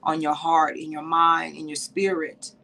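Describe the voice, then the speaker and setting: A woman hosts a livestream talk for women, her voice teary and full of feeling as she speaks straight to her listeners. Her tone carries a gravelly vocal fry. A faint noise hangs in the background of the recording. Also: sits low, completely flat delivery, measured pace, sharp tone. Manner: heartfelt, tearful, addresses listeners as y'all. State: teary, sniffling. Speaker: podcast host.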